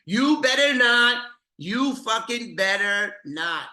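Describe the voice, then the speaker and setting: A man voicing a furious old-school male hitman, shouting profane threats. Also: extremely high pitch, lively intonation, normal speed, pitched above the performer's own voice, heavily acted. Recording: roomy echoey room.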